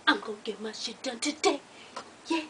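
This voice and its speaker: Young woman vlogger, bright high voice, lively and profane storyteller, a bit away from the mic. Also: moderate pace, breathy edge. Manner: animated, profane, laughs through her stories. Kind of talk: casual storytelling vlog. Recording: voice from a distance off the mic.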